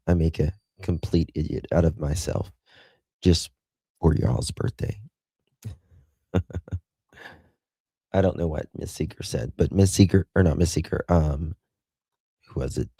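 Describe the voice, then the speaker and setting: Middle-aged Southern man, livestream host, low unhurried voice, dry close sound. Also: steady tone, vocal fry, dark tone, breathy edge, no echo. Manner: chatty, reads viewers' chat aloud with endearments. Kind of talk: casual livestream chat.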